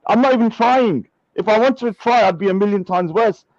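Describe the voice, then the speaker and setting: A man on a casual online panel, chatty and quick to act offended. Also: high-pitched, a little mellow, dry recording. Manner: chatty, mock-indignant, defensive. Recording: dull, dry sound.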